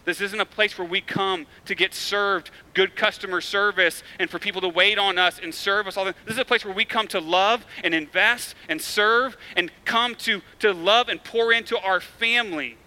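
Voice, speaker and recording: A man's voice: high voice, normal speed, few pauses, sharp tone. A male pastor preaching a sermon in a casual, conversational way, with emphatic, repetitive build-ups and frequent tag questions. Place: church.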